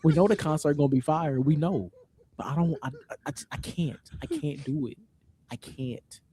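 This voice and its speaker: Ranting man with a husky voice. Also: on the high side, normal speed, dark tone. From St. Louis area. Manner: exasperated, ranting and repeating himself. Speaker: podcast co-host. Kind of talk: casual chat.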